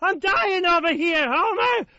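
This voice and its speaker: A man's voice: extremely high pitch, unhurried, bright, forceful tone, no room sound, shouting, exaggerated voice. A man voicing a drunk male cartoon barfly who has been shot, screaming and sobbing that he is dying. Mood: wailing, desperate. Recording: dull lo-fi radio broadcast.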